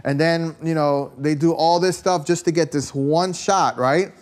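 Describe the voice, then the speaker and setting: This man delivers a conversational sermon, rambling through stories full of "you know," "right?" and rhetorical questions aimed at his listeners. His voice is on the high side and a bit dark in tone, steady, at a measured pace.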